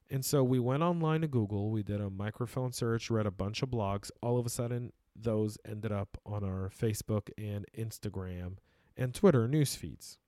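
A man's voice: on the low side, darkish tone, no room sound. A man hosting a podcast in a studio, talking casually and emphatically with frequent restarts, a native Arabic speaker. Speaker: podcast host.

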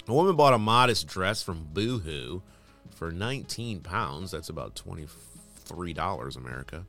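A sarcastic man reads out headlines and tosses off dismissive asides between them. His voice sits very low but swings widely in pitch. Faint music plays underneath. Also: expressive, moderate pace, creaky, fairly bright tone. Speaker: news commentary host. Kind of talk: casual news commentary, reading headlines aloud.

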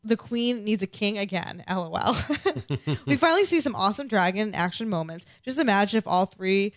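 A woman's voice: mid-range voice, lively intonation, normal speed, dry recording, clean studio sound. A woman co-hosting a casual podcast, reading listener comments aloud and reacting with frequent laughter and swearing. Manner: chatty, swears freely, laughs often. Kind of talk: casual chat.

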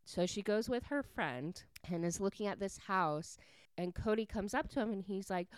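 A woman's voice: medium pitch, animated, normal speed, clear, resonant tone, no room sound. A woman casually recapping a story plot to her viewers, chatty and full of "like" fillers.

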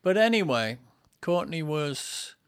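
A man's voice: fairly high pitch, very animated, slow, clean tone, dry recording. A man reading his tour diary aloud with a dry, wry humour, then chatting casually as host. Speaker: podcast host.

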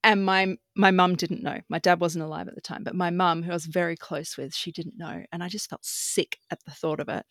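A woman's voice: on the low side, steady tone, brisk, few pauses, fairly bright tone, dry recording, clean studio sound. Frank, emotional woman. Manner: emotional, frank, swears casually. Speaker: podcast guest. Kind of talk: candid personal storytelling.

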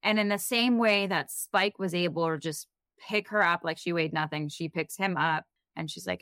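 A woman's voice: fairly low pitch, moderate pace, a bit bright, clean tone, no echo. An upbeat young woman chatting casually as a podcast co-host. Her voice is dry and close, with no room around it. She sounds enthusiastic and agreeable. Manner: enthusiastic, agreeable, wraps up the show. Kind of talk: casual rewatch podcast chat.

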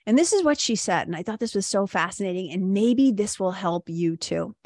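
A middle-aged woman hosts a podcast, talking casually and with animated enthusiasm, full of "like" and "right?" asides. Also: mid-range voice, brisk, dry recording, clean studio sound. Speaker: podcast host. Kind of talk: casual monologue, retelling a coaching session.

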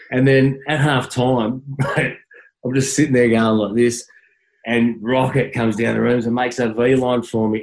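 A man's voice: medium pitch, steady tone, normal speed, darkish tone, low-quality recording. An Australian man, a former footballer, telling stories in a casual interview, stumbling over restarts and laughing as he goes.

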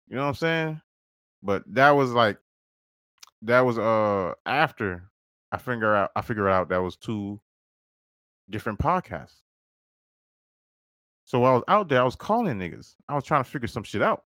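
A man's voice: medium pitch, lively intonation, moderate pace, long pauses, a bit bright, no room sound, clean studio sound. A man hosting a podcast, telling a story casually and profanely, acting out quoted dialogue. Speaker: podcast host.

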